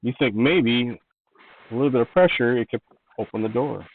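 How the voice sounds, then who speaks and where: A man's voice: mid-range voice, slight background noise. Man running a tabletop game over a tinny call. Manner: descriptive, measured narration with small restarts. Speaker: game master. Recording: tinny online call audio.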